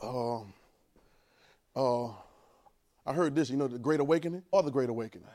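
A man with a mid-range voice preaches a sermon, urging the congregation to repeat lines after him. He swings between quiet, drawn-out talk and loud bursts.

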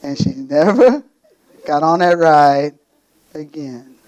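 A man preaching with a high voice that leaps up and down. He tells his stories with playful asides and calls out to the congregation as he goes. The sermon has a lively, exhortative drive. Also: slow pace. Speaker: pastor.

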